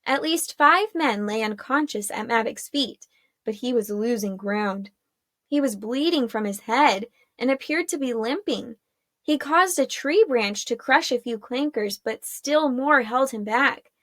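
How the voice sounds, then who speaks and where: A woman narrating a chapter of a fantasy story in a steady storytelling manner. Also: on the high side, a little slow, no room sound, studio quality. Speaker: audiobook narrator. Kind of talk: scripted narration.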